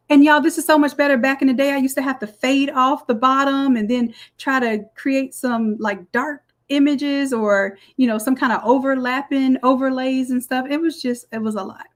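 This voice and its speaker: A woman walking through a design software tutorial step by step in a chatty, explaining way. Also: sits high, fairly even intonation, a little fast. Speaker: design instructor. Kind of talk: screen-recorded software tutorial.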